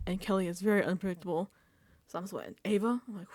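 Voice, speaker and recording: Animated woman recapping a reality show. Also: medium pitch, fast talker, slightly rough, no echo. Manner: animated, acts out her own reactions and quotes. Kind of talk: casual reaction recap. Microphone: desk microphone.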